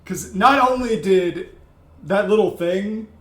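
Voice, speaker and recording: Brief: a man, higher voice, animated player in a tabletop role-playing session. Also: takes it slowly, roomy sound, very noisy. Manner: animated, shouts in-character lines. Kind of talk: playing a tabletop game in character.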